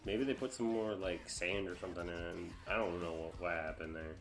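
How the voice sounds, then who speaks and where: A man's voice: low-pitched, steady tone, brisk, soft background music. A man casually commentating on his own gameplay, chatting along and groaning or exclaiming when things go wrong. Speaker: gamer.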